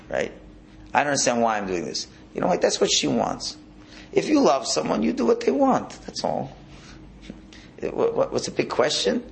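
Male religious teacher, gravelly, very expressive pitch, repeats himself while explaining. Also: slight background noise. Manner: animated, repeats words, restarts phrases. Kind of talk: Hasidic Torah class.

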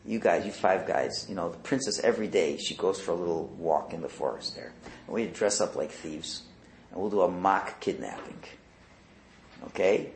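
A man's voice: sits low, normal speed, slight background noise, voice pushed down. A man doing a scheming lovestruck young prince. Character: young smitten prince plotting a fake rescue. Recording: roomy echo.

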